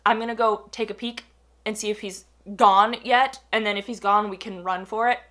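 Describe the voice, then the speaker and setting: Lady doing her scared friend, hushed low voice, nervous. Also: fairly even intonation, moderate pace, natural voice. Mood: anxious. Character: frightened young woman friend, cautious.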